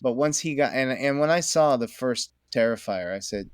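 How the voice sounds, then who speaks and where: A middle-aged man with a medium-pitched voice talks as a podcast guest, rambling and enthusiastic, breaking into laughter often. The recording is dry and close, with no room sound. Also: expressive, normal speed, smooth, dry recording. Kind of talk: casual conversation.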